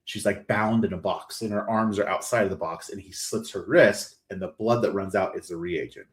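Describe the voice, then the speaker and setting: A man hosting a podcast, recapping a horror story in a casual, animated way and briefly acting out the lines of its characters. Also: lowish voice, a little fast. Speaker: podcast host.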